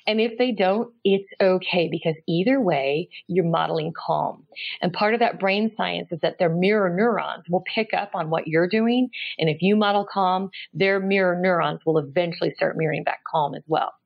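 A woman guest on an interview explaining parenting tips in a calm, measured, gently explanatory way. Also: lowish voice, creaky. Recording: slightly dull lo-fi sound.

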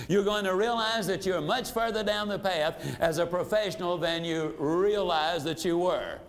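A man with a high-pitched voice lectures on selling with an emphatic, urging delivery. He repeats phrases for emphasis and drives his points home, like a seasoned seminar speaker. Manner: emphatic, exhortative. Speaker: sales trainer. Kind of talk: recorded sales seminar talk.

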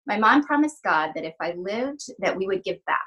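A woman's voice: medium pitch, expressive, a little fast, fairly bright tone, poor audio. A middle-aged woman, a physical therapist, telling an emotional personal story in a podcast interview, earnest and full of fillers and restarts as she acts out the dialogue. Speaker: physical therapist and practice owner, podcast guest.

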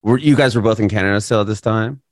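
A man's voice: on the low side, quick pace, dry recording, clean studio sound. A man interviewing a guest casually over a video call, asking sympathetic, rambling questions that restart mid-sentence.

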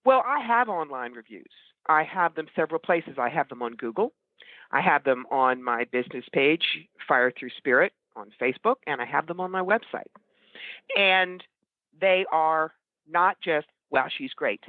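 A woman's voice: low-pitched, lively intonation, no echo. Blunt opinionated woman on a phone line. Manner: blunt, opinionated, brisk storytelling. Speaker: guest, psychic medium and author. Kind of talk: casual interview conversation. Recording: tinny phone-like line, dry.

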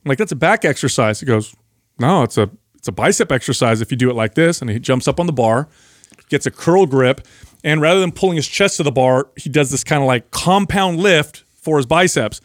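A man co-hosting a casual fitness chat, telling stories and explaining exercises with lively energy. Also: a little high, a little fast, no room sound, studio quality. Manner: animated storyteller, explains while demonstrating. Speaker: podcast co-host.

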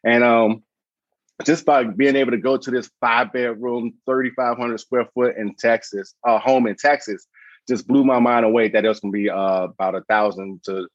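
A man's voice: mid-range voice, moderate pace, dry recording, dull audio. A man in his thirties, a podcast guest and founder, telling a story casually and acting out the voices in his anecdotes. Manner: animated, acts out voices in anecdotes.

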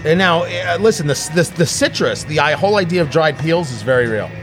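A middle-aged man hosts a loose, joking conversation, often stopping and restarting mid-thought. His voice sits a bit high for a man. A faint bed of music plays underneath. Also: expressive, a little fast. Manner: rambling, self-interrupting, jokey. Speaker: podcast host. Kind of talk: casual tasting chat.

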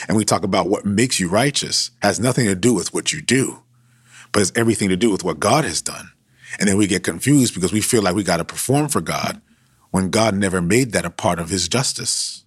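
A man's voice: low-pitched, fairly quick, husky, no room sound. A man preaching a sermon in a conversational, emphatic way with slangy asides.

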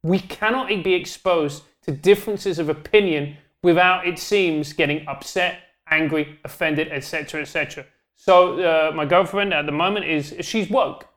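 A man, a podcast guest in animated, joking casual chat. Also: on the high side, normal speed. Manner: animated, joking, rambling with restarts.

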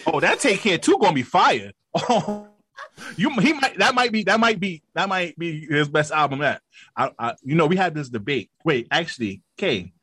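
A podcast co-host, a man with a raised voice, swings his pitch widely as he teases. The recording is dry and close. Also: sing-song, moderate pace, pushed and bright, husky, no room sound. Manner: playful, teasing. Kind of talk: casual podcast banter.

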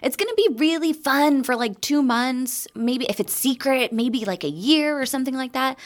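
A woman in her thirties with a West Coast American accent co-hosting a podcast, blunt and quick to laugh as she chats. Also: sits high, animated. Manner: blunt, laughs often, swears casually. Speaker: podcast co-host. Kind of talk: casual chat.

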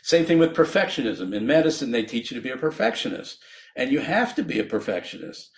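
Man, physician guest, podcast interview, earnest, explanatory, laughs often, medium pitch. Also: big pitch swings, fast talker.

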